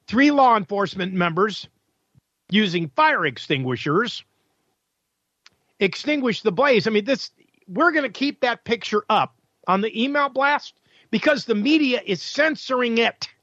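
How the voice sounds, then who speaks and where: A man's voice: sits high, expressive, unhurried, a bit bright, no room sound, lo-fi sound. A male talk radio host delivering an opinionated, combative monologue full of sarcasm and rhetorical questions.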